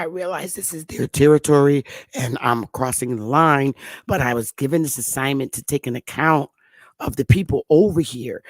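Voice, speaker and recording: A man's voice: on the high side, a bit bright, dry recording, pitched below the performer's own voice. A man voicing a nervous white male census taker in a business suit who pleads anxiously for an escort.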